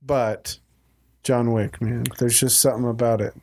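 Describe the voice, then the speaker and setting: A man in casual conversation with friends about action films, enthusiastic and quick to add details. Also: mid-range voice, flat delivery, darkish tone. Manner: enthusiastic, jumps in to correct details. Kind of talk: casual movie chat.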